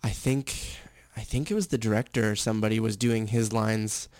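A young man talking candidly as an interview guest. His voice is smooth and resonant, recorded dry and close, and he rambles with fillers and self-corrections. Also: lowish voice, steady tone, normal speed, darkish tone, no room sound. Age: young adult. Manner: chatty, candid, full of fillers and restarts. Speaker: guest, stadium announcer and actor. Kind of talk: casual interview chat.

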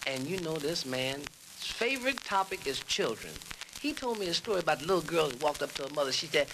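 A man's voice: a little high, very animated, brisk, bright, forceful tone. A male comedian telling a storytelling routine in jive slang, on a crackly old record.

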